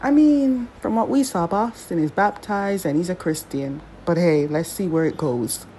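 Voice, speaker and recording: A woman's voice: on the low side, normal speed, mellow, slight background noise, low-quality recording. A woman giving a casual, chatty drama recap, talking back to the characters as she goes.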